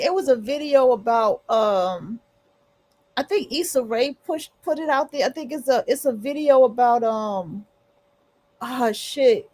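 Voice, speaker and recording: High-voiced woman chatting on a livestream. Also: animated, unhurried, dark tone. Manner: rambling, conversational, with frequent restarts and profanity. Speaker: livestream host. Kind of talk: casual livestream monologue.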